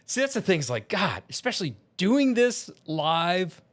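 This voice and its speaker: A man's voice: high-pitched, sing-song, moderate pace, fairly bright tone. A man talking in a casual vlog as an aspiring voice actor, rambling and self-deprecating with many restarts.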